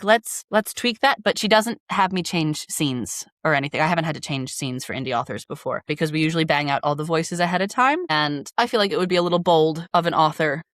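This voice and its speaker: A woman with a fairly low voice chats about her narration work, leaning on "like" as she goes. The sound is close and dry, with no room around it. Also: a bit bright, dry recording. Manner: chatty, many "like" fillers, demonstrates voices in passing. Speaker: audiobook narrator guest. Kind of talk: casual interview chat.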